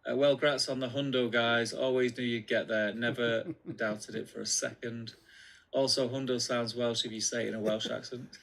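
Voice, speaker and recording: Brief: male co-host, gravelly mid-pitched voice, laid-back comment reader. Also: steady tone, normal speed, a bit bright. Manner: laid-back, reads comments aloud with fillers. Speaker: co-host reading chat comments. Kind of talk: casual livestream chat.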